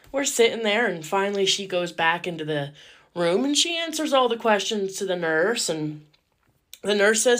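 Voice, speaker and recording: Casual, lively woman storyteller, slightly high voice, cheeky and salty. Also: moderate pace. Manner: lively, cheeky, swears freely. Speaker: caregiver.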